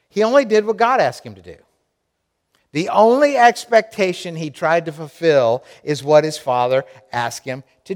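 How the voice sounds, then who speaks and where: A pastor delivers a sermon in a somewhat high voice, pressing his points and repeating them to his listeners. His words ring out with the long reverb of a large hall. He speaks straight to the people in front of him. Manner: emphatic, repeats key phrases, talks straight to the congregation.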